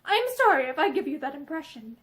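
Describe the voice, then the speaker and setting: A woman's voice: high-pitched, very animated, quick pace, a bit bright. A woman reading aloud and voicing a stern, hard man who speaks in a level, clipped way. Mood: reserved. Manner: level, clipped, coldly earnest.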